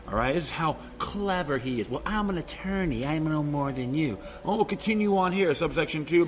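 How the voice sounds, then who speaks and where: A man's voice: mid-range voice, a bit bright. A man reading a bill aloud in a combative, sarcastic and mocking manner, breaking in with angry commentary. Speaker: political commentator. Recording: reverberant room with faint background noise.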